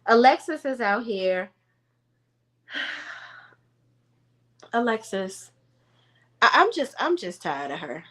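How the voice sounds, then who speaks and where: A woman chats straight into her home camera. She is sassy and animated, talks to her viewers like friends, and keeps her recap casual. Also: a little high, extremely slow, long pauses. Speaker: reality TV recap vlogger. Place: room at home.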